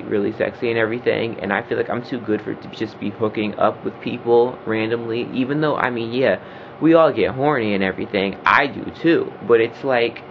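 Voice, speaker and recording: A man rants into a home vlog, his voice swinging widely up and down as he gets heated and swears freely. His pitch sits mid-range. The sound is dull and lo-fi, with a faint hiss behind him. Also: vocal fry. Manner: animated, profane, gets loud and heated. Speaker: video blogger. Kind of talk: casual vlog rant.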